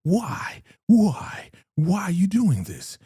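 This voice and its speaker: A man voicing a pleading male cult leader in a strained higher voice. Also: huge pitch swings, takes it slowly, mellow, slightly rough, no echo, clean studio sound, full character voice.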